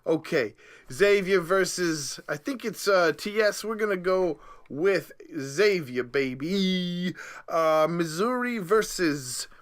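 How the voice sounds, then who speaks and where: A man hosting his own sports show, giving bracket picks in a hyped, playful, boastful way with stumbling self-corrections and sudden loud bursts. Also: high voice, expressive, slow pace. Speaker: sports pundit host. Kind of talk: casual bracket picks monologue.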